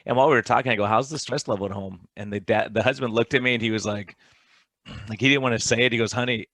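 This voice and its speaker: Man, podcast co-host, rapid-fire excited talk, dry close sound. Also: medium pitch, no echo. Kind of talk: conversational podcast interview.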